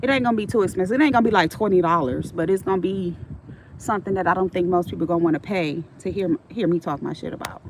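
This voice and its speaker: A woman's voice: on the low side, fast. A middle-aged woman telling stories on a casual livestream, frank and streetwise, swearing freely, with faint traffic noise behind her.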